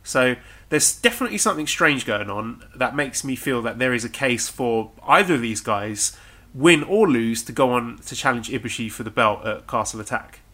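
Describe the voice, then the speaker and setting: A man's voice: mid-range voice, animated, moderate pace, few pauses, bright, forceful tone. A man co-hosting a podcast, chatting casually and reading out listener questions, with some stammered restarts. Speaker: podcast co-host.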